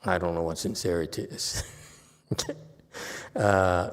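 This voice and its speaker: Unhurried male teacher with a teasing, self-mocking delivery, echoing in a reverberant hall. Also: low voice. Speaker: Buddhist meditation master. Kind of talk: joking Dharma talk.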